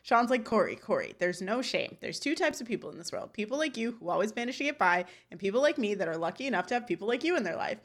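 A woman with a slightly higher voice runs through episode scenes in easy podcast chat. She quotes characters briskly and breaks into laughter often. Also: animated. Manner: reads scene recaps with quick quoted lines, laughs often. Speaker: podcast co-host. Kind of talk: casual recap chat.

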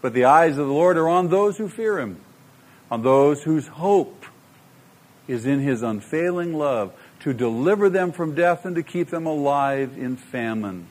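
A man's voice: fairly high pitch, lively intonation, unhurried. A middle-aged man preaching a sermon, emphatic and full of rhetorical questions to the congregation. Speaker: pastor.

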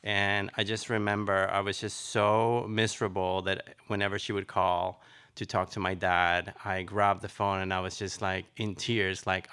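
A middle-aged man from Nicaragua telling his life story in an interview, chatty and animated, with lots of fillers. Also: sits low, normal speed, clear, resonant tone. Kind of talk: personal storytelling.

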